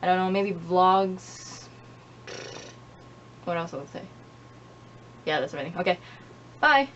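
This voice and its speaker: A woman's voice: on the low side, a little slow, a bit bright. Rambling young woman on lo-fi camera mic. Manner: rambling, self-deprecating. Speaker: YouTuber. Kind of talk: casual vlog to camera. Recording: dull lo-fi home recording with faint hiss.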